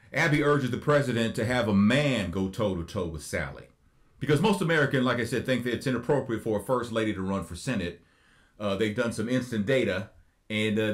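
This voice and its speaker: A man co-hosting a casual podcast, recapping a TV episode and acting out quotes between laughs. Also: lowish voice. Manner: retells scenes with quoted voices, laughs often. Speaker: podcast co-host.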